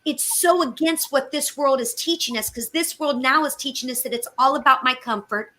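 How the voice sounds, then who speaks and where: A woman's voice: high voice, normal speed, sharp tone. A woman co-hosting a faith talk show, speaking in an earnest, preacherly way. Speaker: co-host.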